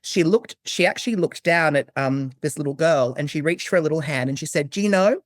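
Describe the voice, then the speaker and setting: A man as a podcast guest, earnestly telling a personal story, animated and often restarting his sentences. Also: fairly high pitch, brisk, no echo, studio quality. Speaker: guest, psychic medium. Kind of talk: conversational storytelling.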